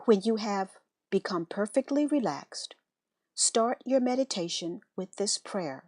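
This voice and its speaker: A woman giving a slow, measured, reverent reading of a spiritual letter and meditation prayer. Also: mid-range voice, animated, darkish tone, no echo, studio quality. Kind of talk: scripted devotional reading.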